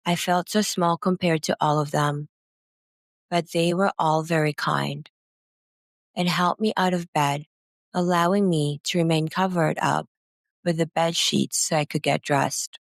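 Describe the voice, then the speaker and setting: Slow and unhurried, a woman narrates her own memoir in the first person, her very low voice rough and gravelly and her tone heavy with sadness. The audio is close and dry, with no trace of the room.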